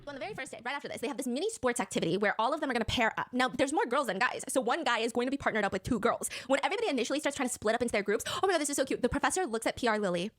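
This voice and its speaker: Fast-talking woman recapping with animation. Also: on the high side, no room sound, clean studio sound. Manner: animated, voices the people she describes. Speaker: host recapping a dating show. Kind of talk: casual storytelling recap.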